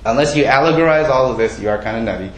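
Racing along in a medium-pitched voice, a man preaches as pastor in a casual, conversational style, often asking the congregation questions and teasing himself. The reverberant recording is rough.

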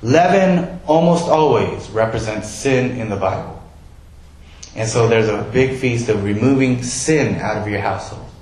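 A man's voice: mid-range voice, a little slow, a little mellow, reverberant, low-quality recording. A male pastor giving a sermon in a conversational way, asking his listeners questions.

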